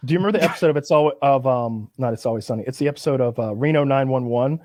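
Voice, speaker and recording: A man hosting a casual podcast chat, telling stories in an animated way with frequent restarts. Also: medium pitch, racing, no echo. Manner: animated storyteller, lots of restarts. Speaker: podcast host.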